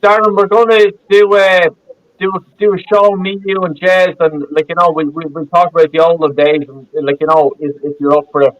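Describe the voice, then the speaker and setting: A man's voice: fairly high pitch, level tone, fairly quick, muffled recording. A man with a Dublin Irish accent hosting a live call-in chat, blunt and repetitive, talking over a video call. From west of Ireland. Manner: blunt, swearing, repeats himself. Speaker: host.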